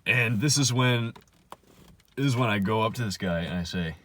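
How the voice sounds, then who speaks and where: A young man casually telling a story on his vlog, animated and swinging between loud bursts and muttered asides. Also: mid-range voice, normal speed, long pauses.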